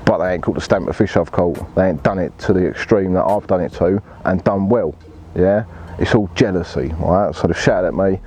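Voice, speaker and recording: Bloke, low dark voice, swears a lot, faint hiss behind; casual storyteller. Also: male voice, normal speed. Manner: blunt, swears freely, laddish slang. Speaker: angler telling his story.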